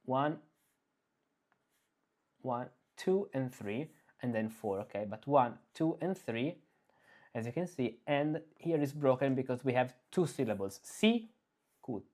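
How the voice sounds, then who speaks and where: Slow-talking man teaching chant. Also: mid-range voice, lively intonation, darkish tone. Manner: explains slowly, breaks into sung Latin chant phrases. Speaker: music teacher. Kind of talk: spoken lesson with sung chant examples. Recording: slightly dull, lo-fi recording.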